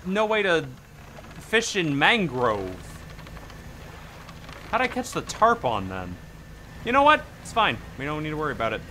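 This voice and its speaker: Male gaming streamer, bright and tense tone, chatty and profane, argues with game characters. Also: sits high, a little hiss or hum. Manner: animated, swearing, talking back to game characters. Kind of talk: casual gameplay commentary.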